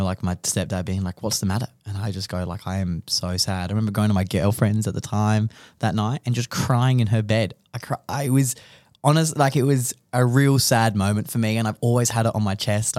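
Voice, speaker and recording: A man's voice: lowish voice, steady tone, brisk, a little mellow, no room sound, clean studio sound. A young man hosting a podcast, telling an emotional story in a rambling way with many restarts. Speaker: podcast host. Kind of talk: casual chat.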